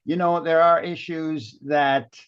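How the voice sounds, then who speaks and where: A man in his eighties with a French Canadian accent, a guest author speaking thoughtfully with many pauses and fillers. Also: on the high side, steady tone, clear, resonant tone, lo-fi sound. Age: 80s. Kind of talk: casual interview.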